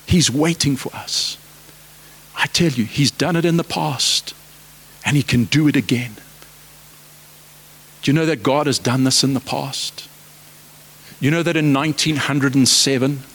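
A man's voice: medium pitch, fairly bright tone. A man preaching a sermon, fervent and exhorting, with repeated rhetorical questions.

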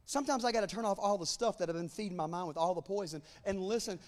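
A man preaching a sermon, moving between fervent shouted proclamation and quieter conversational teaching. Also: high voice, fast, in a large hall.

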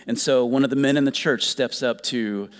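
A man's voice: medium pitch, steady tone, normal speed. Man preaching in a reverberant hall. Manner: storytelling, quotes with rising fervor. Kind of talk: sermon. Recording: reverberant hall with soft guitar.

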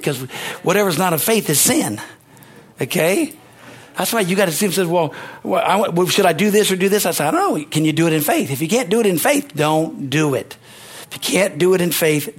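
Husky high-voiced male preacher. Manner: emphatic preaching with rising exclamations; repeats lines and calls out amen and hallelujah. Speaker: pastor. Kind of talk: sermon.

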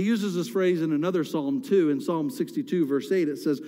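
The pastor's voice is warm and on the high side, moving at a normal pace as he preaches in the church sanctuary. He chats with the congregation conversationally, then at moments climbs to impassioned cries, the hall ringing with reverb.

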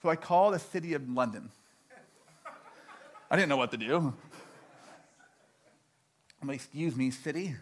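A young man from Canada telling a stand-up story, animated and self-mocking, acting out his own dialogue. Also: on the high side, measured pace, pauses often. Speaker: stand-up comedian.

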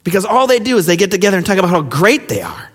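A man preaching a sermon in a high, lively voice that swings widely between peaks and quiet drops. His impassioned delivery is full of rhetorical questions, and a long hall reverb trails each phrase. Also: very fast. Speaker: pastor.

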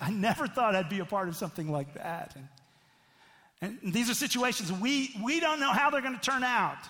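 A middle-aged man preaches in an easy, conversational manner, often tossing a quick question back to his listeners. His voice sits a little higher than most men's. The sound carries a long hall reverb, as in a church sanctuary. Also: bright, forceful tone. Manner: conversational, frequent "right?" asides. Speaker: pastor. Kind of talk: sermon.

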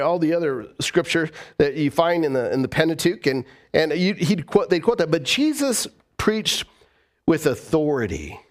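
A man preaching a sermon as pastor, emphatic and repeating key phrases for weight. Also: a little high.

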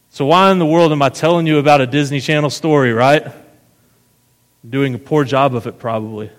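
Man preaching in a reverberant hall. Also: medium pitch. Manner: casual storytelling, keeps checking in with "right?". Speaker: pastor. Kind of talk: sermon.

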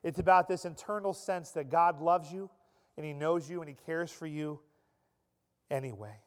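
A man preaching a sermon as pastor, dramatic, swinging from loud emphasis to a soft hush. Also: on the high side, moderate pace. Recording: long reverb of a large hall.

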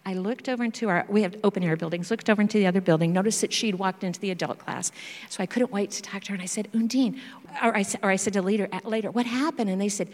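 A woman missionary sharing stories in a church talk, animated and acting out children's voices. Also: mid-range voice, racing. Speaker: missionary speaker. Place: church sanctuary. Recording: reverberant church hall.

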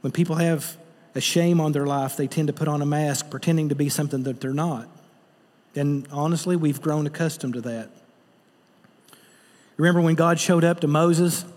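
High-voiced man preaching in a reverberant hall. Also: a little mellow, husky. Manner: earnest preaching, rhetorical questions to the congregation. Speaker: pastor. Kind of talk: sermon.

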